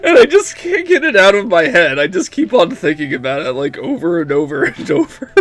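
A man's voice: a little high, sing-song, a little fast, fairly bright tone. A young man giving casual gameplay commentary, rambling with lots of fillers and breaking into laughing fits. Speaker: let's play commentator.

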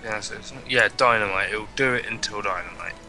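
A man's voice: on the low side, a little fast, sharp tone, faint music behind. A man chatting with friends over voice chat during a strategy game, explaining the rules in a knowing, teasing way. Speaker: gamer playing in a group.

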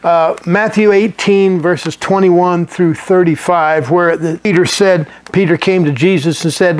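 A man's voice: sits high, unhurried, hardly any pauses. A middle-aged male pastor teaching a sermon in a folksy, conversational way, chuckling and restarting his sentences.

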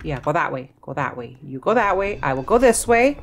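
A woman hosting a gaming channel, giving excitable play-by-play commentary to herself with sudden shrieks. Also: sits low, brisk, faint music behind. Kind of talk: live gameplay commentary.

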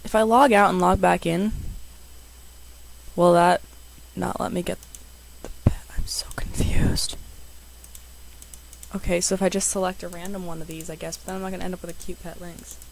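A young woman, a gaming YouTuber, chatting excitedly to her viewers as she plays. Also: on the low side, a little fast, gravelly, slight background noise, poor audio. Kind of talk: casual game commentary.

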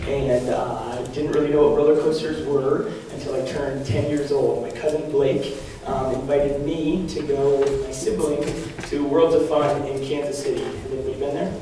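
A young man giving a lively talk to a parish group, animated, laughing often and full of fillers, with a voice that is going hoarse. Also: medium pitch, moderate pace, hardly any pauses. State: losing his voice. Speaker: parish speaker. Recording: echoey hall from far off, faint noise.

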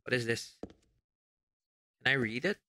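A man's voice: mid-range voice, measured pace, sharp tone, slight background noise. A man doing let's play commentary on a horror game, reading on-screen text aloud and muttering his reactions. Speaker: gamer.

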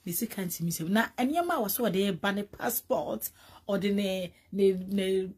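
A woman with a Ghanaian accent giving animated, casual gossip commentary, mixing English with Twi and often repeating words. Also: medium pitch, normal speed, slightly rough. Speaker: entertainment vlogger.

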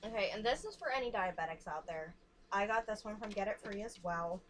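A woman's voice: medium pitch, animated, brisk, a bit bright, a little hiss or hum. A young woman vlogger chatting frankly and casually while showing free samples to the camera. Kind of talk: casual chat.

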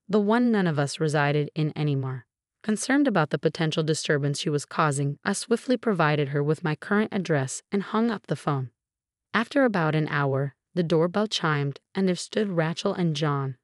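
A woman narrates a scripted first-person story in a low, even voice. Her delivery stays measured and unhurried. The sound is dry and close, with no echo.

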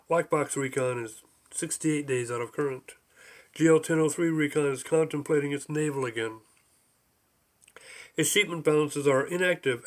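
A man reading his own book aloud as an audiobook, dry and matter-of-fact. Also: fairly high pitch. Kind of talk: audiobook narration.

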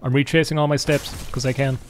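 Playing a game on a live stream by himself in his room, this young man from Ireland rambles and jokes with his chat. He talks quickly with a medium pitch and flat delivery, over slight background noise.

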